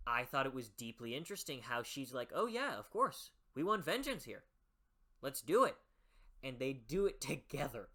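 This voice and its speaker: Male vlogger, mid pitch, bright edge, enthusiastic and digressive. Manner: enthusiastic, rambling, self-correcting with laughs. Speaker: book reviewer. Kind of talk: casual vlog commentary.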